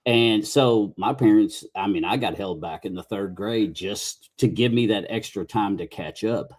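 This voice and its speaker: A middle-aged man chats on his podcast in a lowish voice. He rambles folksily, restarting his sentences and dropping mild curses as he goes. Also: measured pace, a little mellow. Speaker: podcast host. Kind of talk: casual podcast chat.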